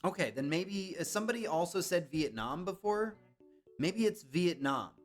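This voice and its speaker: Faint music sits under a young man's casual live-stream chatter as he tosses out guesses and replies to his audience. His voice is high and expressive, ranging widely in pitch at a moderate pace.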